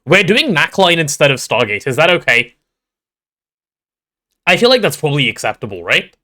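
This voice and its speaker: A man's voice: fairly high pitch, very animated, normal speed, sharp tone. A man streaming a game live, chatting casually and playfully with his viewers, greeting them and repeating words as he reacts.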